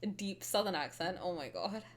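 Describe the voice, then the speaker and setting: A young woman from the American South, streaming and chatting casually with her viewers while reading a game story aloud, animated and quick to swear. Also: lowish voice. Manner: chatty and animated, swears freely, laughs at herself.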